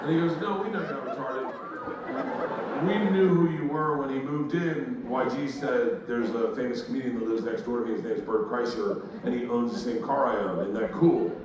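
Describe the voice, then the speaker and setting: A man's voice: medium pitch, normal speed, crowd noise, background noise. A man telling a stand-up story, acting out the voices of the people in it. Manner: loud animated storytelling, acts out quoted voices, audience laughter. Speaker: stand-up comedian. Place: live comedy venue. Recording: loud roomy ambience, distant mic.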